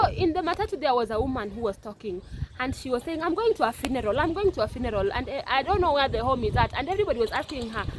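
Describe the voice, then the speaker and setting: A young Kenyan woman telling an emotional personal story, often repeating her words. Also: a little high. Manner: emotional, repetitive, circling back. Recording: noisy background with passing vehicles.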